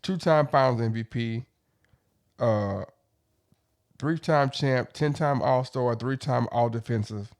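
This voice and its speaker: A man in a casual sports argument with a mid-range voice who keeps pausing to check his numbers. He starts over a lot and reads each figure out slowly. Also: medium pitch. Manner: hesitant, reads stats off his phone with restarts. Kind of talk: heated casual sports debate.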